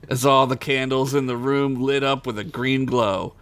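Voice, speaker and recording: A man's voice: mid-range voice, steady tone, moderate pace, hardly any pauses, a bit bright, smooth. Giggly man reading a crude comic tale. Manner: giggles at his own jokes; stumbles over invented names. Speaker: podcast storyteller. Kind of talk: crude comedic story reading.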